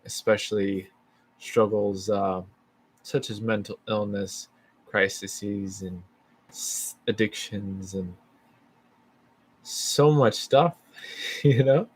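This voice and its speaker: Slow-talking man opening a talk. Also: fairly low pitch. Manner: unhurried, halting, chatty. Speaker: presenter. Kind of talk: casual talk to an audience.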